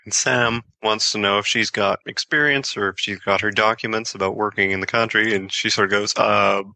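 A man calmly recapping a story in a relaxed chat, with a lowish voice. His tone is very bright and sharp, and the recording is dry and close. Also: fairly quick, no echo. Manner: relaxed, summarizes plot, frequent mm-hmms. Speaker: podcast co-host. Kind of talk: casual book discussion.

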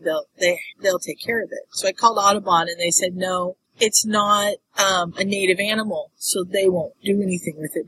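A woman co-hosting a casual podcast, telling a lively home story and acting out the voices in it. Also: mid-range voice, a little hiss or hum, poor audio. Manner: animated storyteller, acts out voices. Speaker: podcast co-host.

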